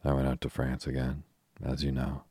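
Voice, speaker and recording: A man's voice: extremely low pitch, breathy edge, no room sound, clean studio sound. A man reading as a glum young ex-soldier. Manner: soft, even, unhurried reading.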